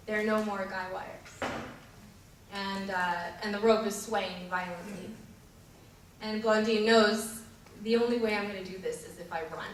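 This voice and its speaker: A woman's voice: medium pitch, a bit bright, a little hiss or hum. A woman giving a sermon and telling a story, in an earnest way with some fillers and restarts. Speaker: preacher. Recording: echoey hall, distant mic.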